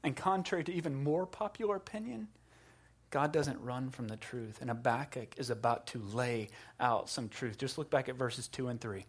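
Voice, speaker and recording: A man preaching a sermon, moving between quiet, intense passages and loud, impassioned ones. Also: medium pitch, normal speed, breathy edge. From South Carolina. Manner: dynamic preaching, swinging from hushed to loud. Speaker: pastor.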